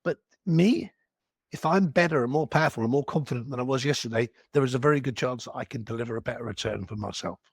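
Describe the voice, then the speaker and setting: A man's voice: medium pitch, fast, breathy edge, dry recording. An English man telling stories as a guest on an interview podcast. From England. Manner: anecdotal storytelling.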